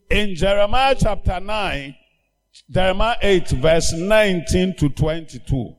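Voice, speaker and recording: A man preaching a sermon as pastor, emphatic and slow, breaking into shouted commands for healing. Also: high voice, lively intonation, long reverb tail.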